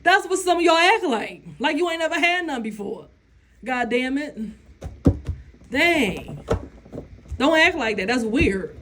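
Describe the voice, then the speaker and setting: A woman's voice: sits high, sing-song, unhurried, pauses often, a bit bright, a little hiss or hum. A woman vlogger, giving blunt, profane opinions in a casual rant and laughing often.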